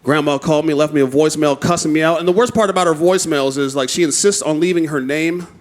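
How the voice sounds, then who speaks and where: A man doing stand-up comedy, telling stories in a lively, profane way on a club stage with a handheld mic. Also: fairly high pitch, fast. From United States. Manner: animated, profane storytelling. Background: audience laughter.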